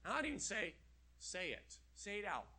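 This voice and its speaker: A middle-aged male preacher with a notably high, brilliantly bright voice. He delivers his sermon with emphatic, animated energy, stretching out scripture passages for weight. The tone stays lively and direct throughout. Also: normal speed.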